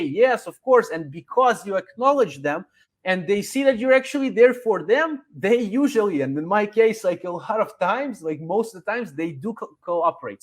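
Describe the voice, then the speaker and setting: A man guest in a casual chat, giving advice and acting out sample customer emails. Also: high voice.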